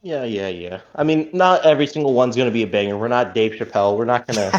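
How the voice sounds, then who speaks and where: A man from the Midwest of the US, talking loosely on a podcast recorded over a call. He jokes, rambles and teases, in a voice of middling pitch. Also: dull audio. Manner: joking, rambling, quick to tease. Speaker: podcast co-host. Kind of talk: casual podcast chat. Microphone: remote call.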